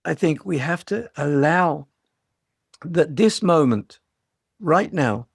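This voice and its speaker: Older guy giving a dharma talk, gravelly and husky, thinks out loud and restarts a lot. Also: a little high, lively intonation, slow pace, no room sound, studio quality. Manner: reflective, storytelling, with restarts. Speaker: meditation teacher.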